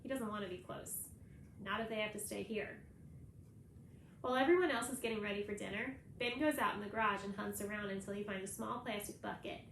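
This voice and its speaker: A woman reading a children's novel aloud in a plain, steady storytelling manner. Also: medium pitch, a little fast, roomy sound, a little hiss or hum, rough recording. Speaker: reader.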